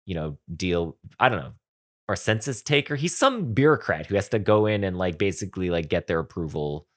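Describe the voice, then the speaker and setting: A man co-hosting a podcast in casual chat, often pausing and restarting his sentences. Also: low voice, animated. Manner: halting, lots of ums and restarts. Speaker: podcast co-host.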